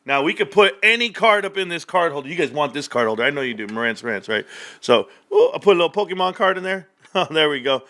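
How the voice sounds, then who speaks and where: A middle-aged man hosting a livestream about the stock market, animated and joking as he talks straight to his viewers. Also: fairly high pitch, quick pace. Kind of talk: casual livestream rant.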